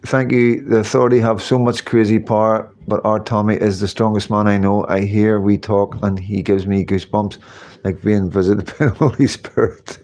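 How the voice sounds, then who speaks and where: A man's voice: on the low side, level tone, moderate pace, darkish tone. A man hosting a casual live stream, reading chat comments and rambling with repeated phrases and casual swearing. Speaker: livestream host reading chat.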